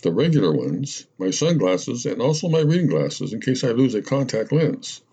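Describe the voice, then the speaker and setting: Man reading as a chatty middle-aged lady, lively husky delivery, rambling list. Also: medium pitch, normal speed. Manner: rambling, breathless list-making. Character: chatty middle-aged woman listing her purse contents. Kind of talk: storytelling narration.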